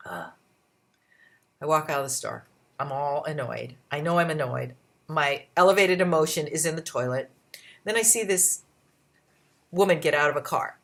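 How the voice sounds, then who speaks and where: A woman vlogging in a casual storytelling style. Her voice sits a little low, but she moves around a lot, speeding up, slowing down and jumping higher to act out other people's lines. It comes across as chatty and expressive. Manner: animated retelling with shifting pitch and pace; acts out quoted voices.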